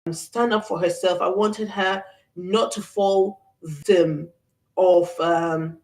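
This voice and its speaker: A woman's voice: lowish voice, steady tone, slow pace, a little mellow, recorded from a distance. Earnest woman in an echoey room. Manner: earnest, reflective, with many fillers and restarts. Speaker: host. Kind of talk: faith-based talk.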